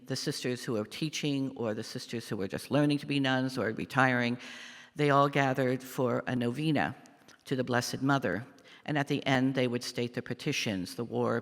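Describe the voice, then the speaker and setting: An older man giving a church meditation, telling a family story in a halting, reflective way with many pauses and fillers. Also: medium pitch, a bit bright. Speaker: lay speaker giving a meditation. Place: church sanctuary. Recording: long church reverb.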